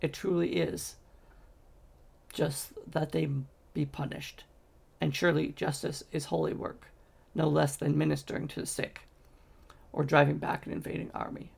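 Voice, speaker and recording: A man's voice: on the high side, flat delivery, moderate pace, gravelly, long pauses, breathy edge, exaggerated voice. A man voicing a scheming male magician who speaks in a clipped, cold, commanding way.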